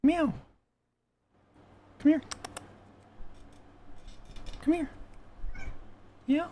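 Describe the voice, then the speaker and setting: A man with a warm, relaxed voice sits at home by his desk microphone, coaxing his cat in a casual cooing pet-talk manner. His coaxing is mixed with offhand muttered remarks. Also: a little high, moderate pace, a little hiss or hum. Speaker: streamer talking to his cat.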